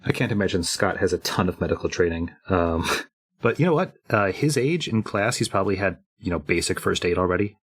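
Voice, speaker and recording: A man's voice: low-pitched, animated, brisk, slightly rough. A man playing a tabletop game, thinking aloud casually about his character's actions. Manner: thinking aloud, hesitant fillers. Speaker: player.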